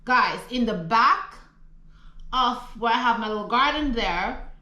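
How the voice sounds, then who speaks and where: A woman's voice: fairly high pitch, expressive, unhurried, sharp tone, reverberant, muffled recording. A middle-aged woman from the Caribbean with a Caribbean accent, chatting animatedly in a casual vlog and laughing often. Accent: Caribbean English. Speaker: vlogger. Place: rural home in the countryside.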